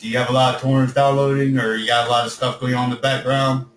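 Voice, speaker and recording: A man teaching an online coding class in a relaxed, chatty, jokey way, his voice starting to go hoarse. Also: mid-range voice, fast, echoey room, far from the mic, a little hiss or hum, low-quality recording. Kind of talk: casual teaching over video call.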